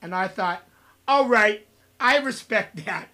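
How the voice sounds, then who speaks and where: A man's voice: sits high, animated, slow, sharp tone. A man co-hosting a podcast in casual chat, joking and teasing, cutting in with puns. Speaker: podcast co-host.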